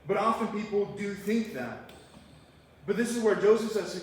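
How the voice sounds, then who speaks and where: High-voiced pastor in an echoey hall. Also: male voice, lively intonation, moderate pace, a little hiss or hum. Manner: conversational, asks the congregation rhetorical questions. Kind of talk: verse-by-verse sermon. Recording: echoey hall, mic far off.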